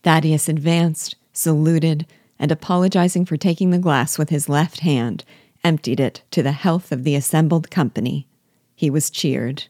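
Low-voiced woman reading a novel aloud. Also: steady tone, normal speed, warm tone, no room sound, studio quality. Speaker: reader of a classic novel. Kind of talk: unhurried audiobook reading.

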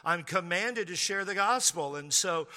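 Bright-voiced joking middle-aged preacher. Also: male voice, high-pitched, expressive, unhurried, long reverb tail. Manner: chatty, joking asides, many restarts. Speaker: pastor. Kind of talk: sermon with personal storytelling.

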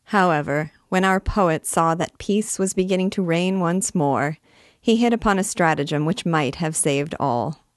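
A woman reading a classic novel aloud in a measured, expressive way. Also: on the low side, no room sound, studio quality. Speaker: reader and teacher.

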